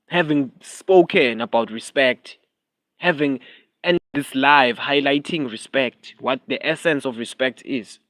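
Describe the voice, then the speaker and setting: A man's voice: medium pitch, a bit bright, no echo. A young South African man with a South African accent, ranting heatedly and repetitively on a casual livestream, slipping into Zulu phrases. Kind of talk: casual live-stream rant.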